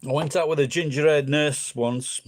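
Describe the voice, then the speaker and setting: A middle-aged man talks to his camera in a loose, wandering monologue. His voice sits slightly higher than most men's, and he swears freely as his thoughts drift from one thing to the next. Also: fairly even intonation, normal speed. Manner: crude, swears freely, meandering. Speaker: vlogger. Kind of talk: casual rambling monologue.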